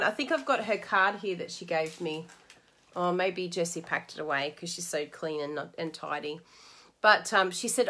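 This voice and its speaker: Bubbly, bright Australian woman. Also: lowish voice, lively intonation, normal speed. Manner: bubbly and chatty, laughs often. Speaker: stamping and craft demonstrator. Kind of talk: casual live-stream chat to viewers.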